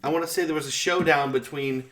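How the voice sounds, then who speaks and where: A man's voice: a little high, steady tone, fast talker, fairly bright tone, distant mic, a little hiss or hum. A man co-hosting a podcast in casual chat, laughing often and restarting his sentences. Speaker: podcast co-host.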